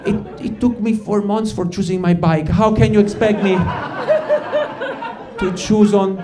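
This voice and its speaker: On a comedy stage in front of a live audience, a man from Ticino, Switzerland, performs stand-up, rambling and cutting himself off mid-sentence while calling the crowd "guys." His voice sits high and holds a steady tone, and he speaks a little slowly.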